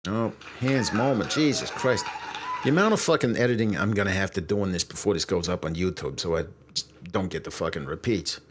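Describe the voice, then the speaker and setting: A man's voice: low voice, a little fast, noisy background. A man hosting a casual live stream, rambling, swearing and apologizing as he loses his train of thought. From Brooklyn, New York. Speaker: streamer host.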